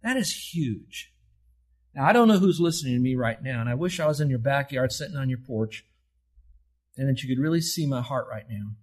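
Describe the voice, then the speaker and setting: A middle-aged man delivers a sermon as a pastor, his voice a little husky and worn at the edges. He speaks earnestly and directly to his listeners. When he quotes scripture, his pitch lifts and his voice grows louder. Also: lively intonation, a little fast, poor audio.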